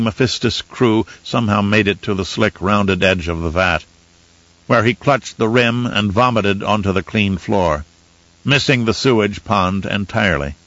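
Low-voiced male audiobook narrator. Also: fairly bright tone, dry recording. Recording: dull, dry close recording.

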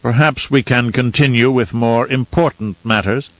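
A man voicing a calculating male envoy who speaks in a firm, measured manner, in a dull, dry recording. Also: medium pitch, a bit bright, dry recording, voice pushed up, lightly acted.

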